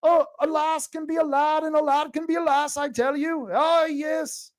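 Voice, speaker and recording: A man's voice: extremely high pitch, little pitch movement, moderate pace, voice pushed up. A man putting on a jolly mock-Irish man with a sing-song, mocking lilt. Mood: mocking, merry.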